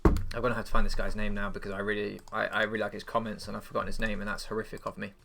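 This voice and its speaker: A man's voice: lowish voice, level tone, rapid-fire, gravelly, heavy background noise. A young English man hosting a game channel, rambling in casual chat, swearing freely, stumbling over and repeating his words. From England. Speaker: channel host and league player.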